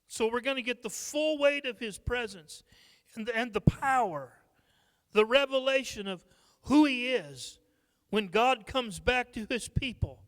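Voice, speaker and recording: A high-pitched Midwestern American man preaching at a Bible study, his voice smooth and resonant. He unhurriedly reads scripture and breaks in with joking asides. The sound carries the long reverb of a church sanctuary. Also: animated, a little slow, fairly bright tone. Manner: humorous asides and laughs. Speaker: pastor. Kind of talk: sermon-style Bible study teaching.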